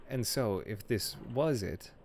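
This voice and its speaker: A man voicing a prim, evasive middle-aged woman librarian who talks in a hushed, patronizing way. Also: fairly low pitch, animated, takes it slowly, a little hiss or hum. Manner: hushed, patronizing, calls people dearie.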